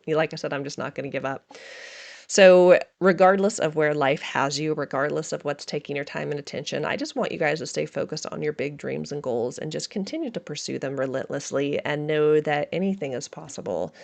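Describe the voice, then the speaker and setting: A woman's voice: sits low, creaky, darkish tone. A middle-aged woman hosting a podcast, talking candidly and emotionally about her day in a casual monologue, laughing often. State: emotional, feeling raw. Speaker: podcast host.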